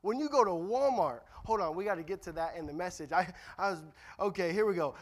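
Young male preacher, high voice, booming reverb, joking asides, repeats key lines. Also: animated, fairly quick, a bit bright. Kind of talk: sermon. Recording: long reverb of a hall.

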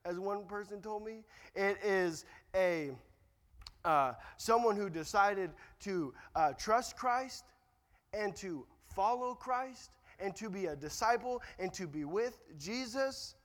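A young man preaches in a high, lively voice, slipping in jokes and hammering home repeated lines. His words ring out with a long reverb from the hall. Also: takes it slowly. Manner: joking asides, repeats key lines. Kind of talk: sermon.

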